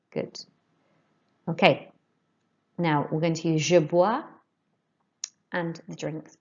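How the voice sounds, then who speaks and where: A woman teacher talks her students through new vocabulary at an unhurried pace, saying each word slowly and plainly so they can repeat it. Her voice is low and mellow, and the recording sounds a little dull. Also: steady tone. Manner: slow, clear modelling of words for repetition. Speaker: French teacher. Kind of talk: recorded language lesson.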